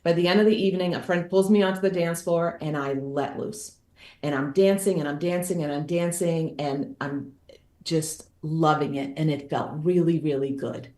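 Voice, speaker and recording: A woman's voice: low-pitched, fairly even intonation, normal speed, mellow, roomy sound. A woman guest author tells a personal story, candid and emphatic, repeating phrases for effect.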